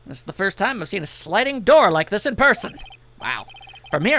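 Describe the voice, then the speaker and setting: A man riffing through a video game with jokey, casual commentary, reading lines aloud as he goes. His voice swings around lively and sounds bright and forceful. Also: high voice, a little fast, a little hiss or hum. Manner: jokey, reads on-screen text aloud. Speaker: let's play commentator.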